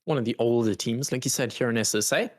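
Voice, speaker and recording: A man's voice: medium pitch, fast. A man hosting a pre-match esports desk, upbeat and bantering with his co-host.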